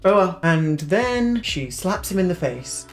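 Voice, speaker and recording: A man with a northern English accent giving a sarcastic, animated movie review in a casual vlog. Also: on the high side, slow, music in the background. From northern England. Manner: sarcastic, animated storytelling with mocking asides.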